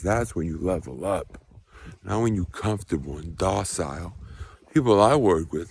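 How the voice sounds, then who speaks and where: A man's voice: deep voice, a little mellow. A man delivering a rambling, preachy vlog monologue while walking outdoors at night, talking into his phone, with faint outdoor noise around him. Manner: rambling, preachy, grows heated and emphatic. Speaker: vlogger.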